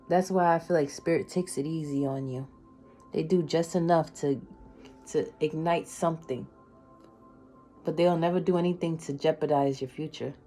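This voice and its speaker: A woman giving a casual tarot reading, emotional and slangy, swinging between loud excitement and soft near-whispers. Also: deep voice, moderate pace, soft background music. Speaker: tarot reader.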